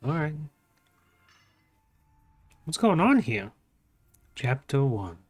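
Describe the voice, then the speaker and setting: An Australian man playing a game for his channel, reading its text aloud in his own voice, his pitch swinging up and down. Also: sing-song, extremely slow, long pauses, husky. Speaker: gaming YouTuber. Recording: faint game music behind the voice. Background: faint game music.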